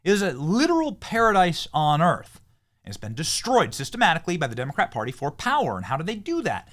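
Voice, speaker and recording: A man hosting a political commentary show, speaking in a heated, emphatic and combative way. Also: a little high. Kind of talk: opinion commentary.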